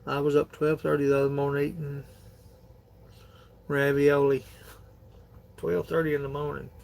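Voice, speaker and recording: A man's voice: fairly high pitch, level tone, normal speed, vocal fry, a little mellow. A man, chatting casually on a phone livestream in a rambling, folksy way, laughing often. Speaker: livestream host.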